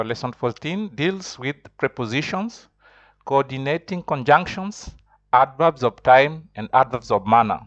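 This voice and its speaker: A man's voice: mid-range voice, no room sound, highs cut off. A man teaching a beginners' French lesson online, explaining step by step and repeating himself often.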